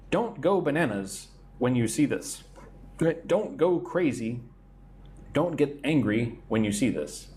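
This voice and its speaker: A man's voice: mid-range voice, mellow, slight background noise. Man, english teacher, live idiom lesson, reads chat aloud, keeps asking "right?".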